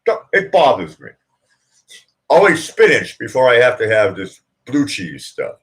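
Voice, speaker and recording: Joking man with a low lively voice. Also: normal speed. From United States. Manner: rambling and joking, laughs often. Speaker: livestream host. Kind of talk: casual live chat.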